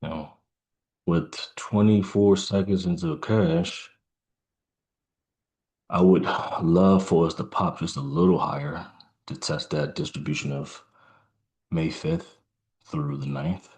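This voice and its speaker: A man giving halting live trading commentary, musing aloud with many fillers and restarts, sounding tired. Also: deep voice, steady tone, a little mellow. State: yawning, tired. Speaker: trader.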